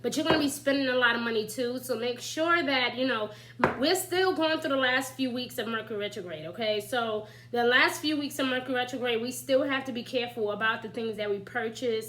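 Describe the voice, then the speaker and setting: A woman's voice: on the high side, a bit bright, slight background noise, low-quality recording. A woman giving casual, chatty spiritual advice as an astrology reader, often asking "right?" and "you know?" and laughing lightly. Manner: laughs lightly while talking.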